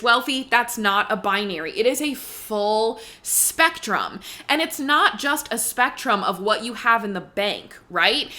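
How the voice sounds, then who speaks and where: Bright, chatty woman podcast host. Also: high-pitched. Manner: chatty and emphatic, heavy on "like" and "right?", swears freely. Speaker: podcast host and money coach. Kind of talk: casual podcast monologue.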